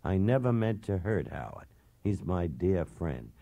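A man's voice: sits low, big pitch swings, measured pace, mellow, no echo, heavily acted. A man reading the lines of a distraught adult football star who pleads and insists. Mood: pleading.

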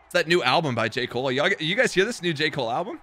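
Excitable young male game streamer. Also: a little high, quick pace. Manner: excitable, swears, jumps to loud outbursts. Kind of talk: live game stream commentary.

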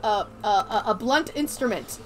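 A woman streaming a golf game with friends, excitable, laughing and swearing loudly. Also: mid-range voice, moderate pace, a little hiss or hum. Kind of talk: casual gaming chat with friends.

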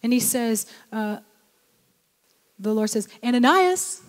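A woman's voice: fairly high pitch, steady tone, normal speed, a little mellow, in a large hall. A woman pastor preaching a sermon, exhorting her listeners and urging them on. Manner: exhorting, repeats "come on".

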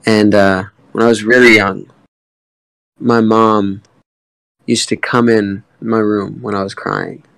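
A man's voice: on the low side, steady tone, gravelly, fairly bright tone, no room sound, rough recording. Candid young man telling his story. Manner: emotional, halting, with frequent fillers and swearing. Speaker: guest artist in a community AMA.

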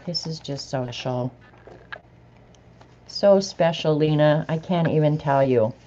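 A woman's voice: low voice, unhurried, mellow, muffled recording, slight background noise. A middle-aged woman vlogger chatting casually to viewers as she opens mail, laughing and reading bits aloud. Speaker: vlogger opening happy mail.

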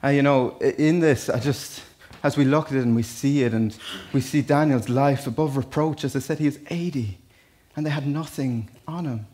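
A man's voice: mid-range voice, normal speed. Irish guy preaching in church, chatty storytelling, lots of asides. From Ireland. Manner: conversational, animated storytelling with asides. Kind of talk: sermon. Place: church hall.

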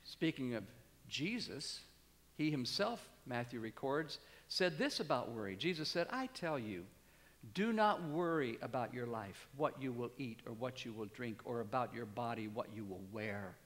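A pastor in his sixties preaching a sermon, animated, climbing to emphatic peaks and dropping low. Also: moderate pace. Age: 60s. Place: church sanctuary. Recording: long church reverb.

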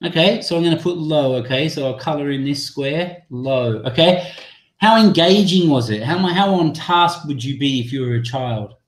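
Male webinar presenter, slightly high voice, casual and chatty, roomy echo on a computer mic. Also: expressive, normal speed. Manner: chatty, apologetic, thinking aloud while demoing an app. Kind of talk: live online teacher-training webinar. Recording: echoey room sound.

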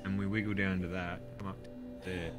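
A man's voice: deep voice, little pitch movement, brisk, music in the background. A man playing a virtual-reality game with friends, giving offhand directions.

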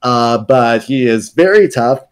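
A man's voice: mid-range voice, lively intonation, measured pace, clean tone. A man on a podcast explaining video game lore in a casual, rambling way, with many fillers and restarts.

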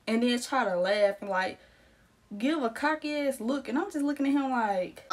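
A woman's voice: on the high side, animated, moderate pace, pushed and bright. A young adult woman telling a storytime vlog in casual, slangy chat, laughing often and acting out the quotes. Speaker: storytime vlogger.

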